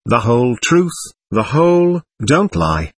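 A man reading the part of a desperate young prisoner who pleads with his brother, in a husky, lively voice. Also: medium pitch, unhurried. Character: anguished young man awaiting trial, impassioned. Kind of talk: audiobook reading.

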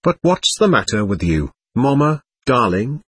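A man's voice: mid-range voice, very animated, a little slow, breathy edge. A man reading aloud, voicing a capricious, mocking teenage girl who is ill. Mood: teasing.

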